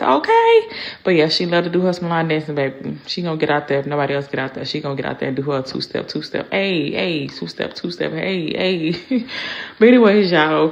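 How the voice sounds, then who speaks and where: This middle-aged female vlogger has a low voice threaded with gravelly fry, and the audio is dull. Narrating her own vlog in a loose, chatty voice-over, she drawls out words, keeps saying "y'all," and circles back with "anyways" every few sentences.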